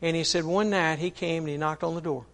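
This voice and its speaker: A preacher works a personal story into his sermon, telling it in an earnest, folksy manner full of "he said" asides. His voice is a little high for a man and comes across gravelly. He often stops briefly to restart his sentences. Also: fairly even intonation, fast talker.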